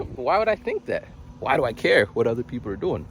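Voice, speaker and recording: A young man muses aloud in a loose, rambling vlog, his pitch swinging widely as he slips into little acted voices. His voice sits at an ordinary middle pitch. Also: a little fast, gravelly, slight background noise. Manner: rambling, animated, full of restarts and acted voices. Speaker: vlogger. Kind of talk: casual monologue.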